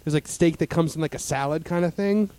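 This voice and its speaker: A man's voice: a little high, brisk, dark tone, no room sound. A man in casual chat as a podcast host, rambling with lots of fillers and restarts.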